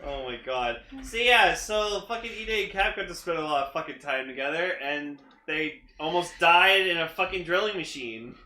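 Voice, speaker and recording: A man's voice: a little high, moderate pace, hardly any pauses, pushed and bright, roomy sound, slight background noise. A man co-hosting a podcast in casual chat, swearing freely and laughing easily. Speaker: podcast co-host.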